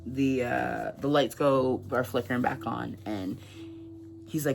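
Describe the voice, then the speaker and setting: Male book vlogger, casual and rambling, lots of "like," a creaky voice, music underneath. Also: medium pitch, a little slow. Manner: chatty, filler-heavy retelling with frequent "like". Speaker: book channel host. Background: background music.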